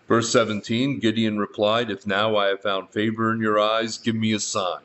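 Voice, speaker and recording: A man's voice: deep voice, fairly bright tone, muffled recording. A male pastor reading scripture verse by verse and adding his own remarks, with dry asides in between. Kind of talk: verse-by-verse Bible teaching.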